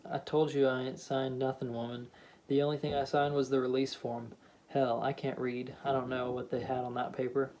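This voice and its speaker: Man reading Troy, a stubborn gruff husband. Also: medium pitch, level tone, normal speed, darkish tone, a little hiss or hum, natural voice. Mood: defensive. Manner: gruff, clipped, dialect-heavy talk. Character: stubborn, defiant middle-aged husband.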